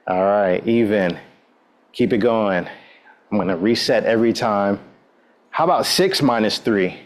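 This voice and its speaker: A man with a lowish voice leads a guided exercise class at a measured pace, offering upbeat, encouraging cues and counting down between moves. The instructor says "all right" often.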